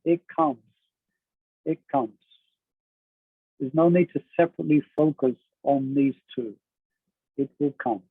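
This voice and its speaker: A husky-voiced man leads a class at a middle pitch, talking easily and often checking in with his listeners. The sound is dry and narrow, as if heard over a phone line. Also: no echo. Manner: conversational, asks the class questions, laughs often. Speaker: teacher. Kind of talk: class on a devotional text.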